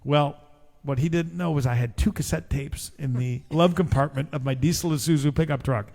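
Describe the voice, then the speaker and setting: Middle-aged guy spinning a yarn between songs, slightly high voice, big echoey live room. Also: moderate pace, creaky. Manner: relaxed, chatty storyteller. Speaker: singer-songwriter. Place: live music venue. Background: guitar.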